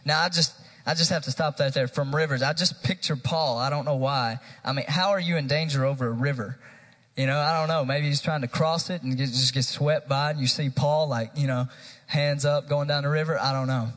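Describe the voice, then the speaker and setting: Energetic male preacher, a bit higher-pitched, sermon recorded in a church with long reverb. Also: brisk. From Tennessee, USA. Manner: energetic preaching, addressing the congregation directly. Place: church sanctuary.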